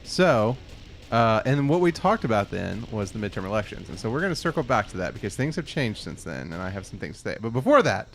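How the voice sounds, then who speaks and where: A man's voice: lowish voice, big pitch swings, fairly quick, faint music behind. A man hosting a casual gaming podcast, telling rambling anecdotes with laughs and swearing. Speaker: podcast host. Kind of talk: casual chat.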